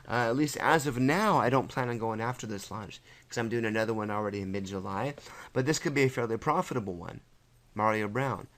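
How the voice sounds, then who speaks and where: A man's voice: mid-range voice, fairly bright tone. A man teaching an online marketing course in a casual screen-share tutorial, rambling with many fillers and self-corrections, his voice slightly worn.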